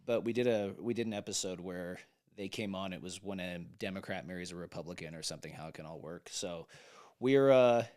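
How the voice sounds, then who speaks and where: A man's voice: deep voice, brisk, a little mellow, no room sound, clean studio sound. A man in his thirties co-hosting a casual podcast chat, rambling and jokey, often trailing off and restarting. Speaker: podcast co-host.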